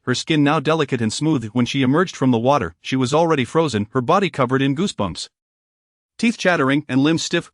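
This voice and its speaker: A man narrates a fantasy story recap in a steady, unbroken read. His voice sits at a middle pitch. The recording is dry and close to the mic. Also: no room sound.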